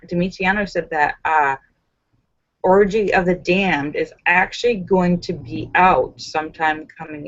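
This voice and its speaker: A woman hosting a casual live stream, giggling often and chatting with viewers through fillers and restarts. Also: sits low. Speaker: live stream host reading viewer comments. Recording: slightly dull lo-fi stream audio.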